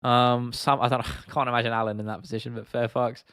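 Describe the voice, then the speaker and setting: A man's voice: mid-range voice, level tone, quick pace, a bit bright, smooth, dry recording, clean studio sound. A young man from England hosting a casual livestream, talking bluntly and swearing freely while reacting to viewer comments. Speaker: livestream host.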